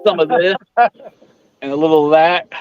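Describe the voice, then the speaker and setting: A man's voice: fairly high pitch, unhurried, clear, resonant tone, dry recording, dull audio, faint music behind. A man ribbing his friends in casual banter while fishing. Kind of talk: casual chat.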